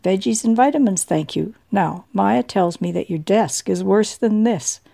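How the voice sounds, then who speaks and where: A woman reading an elderly woman's lines in a storybook reading, speaking with a gently teasing, knowing manner. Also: medium pitch, expressive, unhurried, gravelly, no echo. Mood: warm. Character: elderly woman, warm and wry, fond of her friend.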